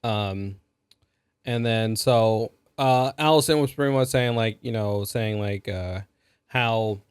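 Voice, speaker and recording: This man's voice is fairly low and slow, with a clean tone in a dry recording. Co-hosting a podcast, he chats casually about a movie, rambling through the recap with plenty of fillers.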